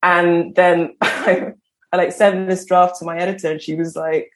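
A woman's voice: on the low side, level tone, normal speed. A woman with a London English accent, a guest chatting casually on a podcast, laughing often and using lots of fillers. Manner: giggly, chatty, many fillers. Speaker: guest writer.

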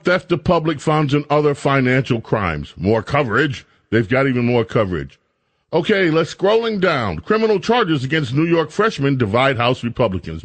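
A man hosting a talk radio show, reading headlines aloud with sarcastic asides and mocking imagined voices. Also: on the high side. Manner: sarcastic, reads headlines aloud and mocks them; mock voices for imagined friends.

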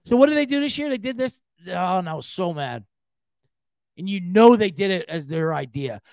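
Animated, profane man ranting on a podcast. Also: high-pitched, no room sound. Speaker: podcast host. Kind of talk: casual sports-betting podcast rant.

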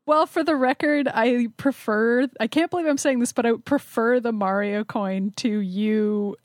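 A woman's voice: fairly high pitch, unhurried, no room sound, clean studio sound. A woman on a podcast panel, joking in a wry, self-deprecating way in casual banter. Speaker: games editor, podcast panelist.

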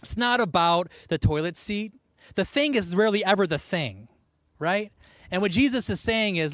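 A man preaching a sermon in a conversational, animated way, with asides and laughs. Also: sits high, moderate pace, no echo, clean studio sound. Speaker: pastor.

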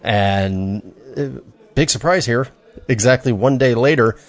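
A man's voice: mid-range voice, unhurried. A man co-hosting a beer podcast in casual, rambling chat with many fillers. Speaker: podcast co-host.

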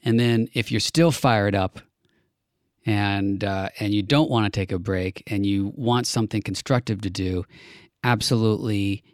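A man co-hosting a casual political chat show, relaxed and chuckling, thinking aloud with frequent fillers. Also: lowish voice, measured pace, clean tone, no room sound, clean studio sound. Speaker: podcast co-host.

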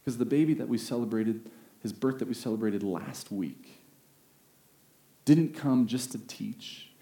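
A man preaching a sermon, earnest, rising to emphatic peaks and slowing down on key phrases. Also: mid-range voice, mellow. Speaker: pastor. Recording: roomy echo.

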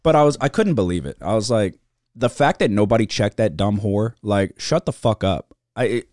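A man's voice: on the low side, animated, moderate pace, darkish tone, no echo, clean studio sound. A man telling a story in casual chat, cursing heavily and mimicking the people he quotes.

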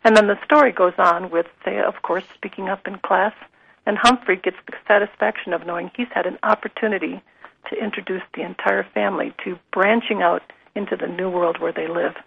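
Husky gravelly-voiced woman, lo-fi. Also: mid-range voice, steady tone, fairly quick, no room sound. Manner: gentle, earnest, frequent filler "uh". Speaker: guest, curriculum company president. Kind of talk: conversational interview with read-aloud passages.

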